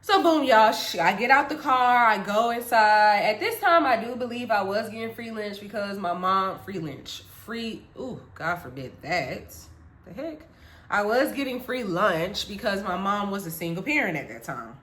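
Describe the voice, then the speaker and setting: A woman's voice: mid-range voice, moderate pace. A young woman from the Caribbean telling a storytime vlog, chatty and talking straight to her viewers. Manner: animated, chatty, addresses viewers directly. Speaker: vlogger. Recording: echoey room.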